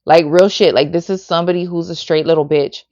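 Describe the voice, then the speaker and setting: A woman's voice: lowish voice, steady tone, a little fast, darkish tone, dull audio. A woman reading tarot on a livestream, blunt and heavily profane, filling her talk with "like". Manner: profane and blunt, heavy "like" and "bitch" fillers. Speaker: tarot reader.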